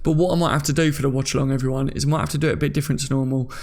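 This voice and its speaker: Chatty English man with a gravelly voice. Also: mid-range voice, steady tone, very fast, darkish tone. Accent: English, from near London. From England. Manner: chatty and jokey, laughs often. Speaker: live stream host. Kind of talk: casual live stream chat reading comments.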